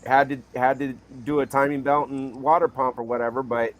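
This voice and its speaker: A man's voice: mid-range voice, fairly even intonation, brisk. A man co-hosting a casual car show, chatting at length with frequent repeats and restarts. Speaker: show co-host. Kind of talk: casual chat.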